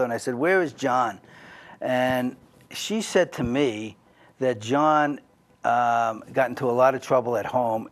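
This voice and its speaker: A man's voice: medium pitch, creaky. A middle-aged man telling a personal story in casual talk, rambling with restarts and asides to the listener.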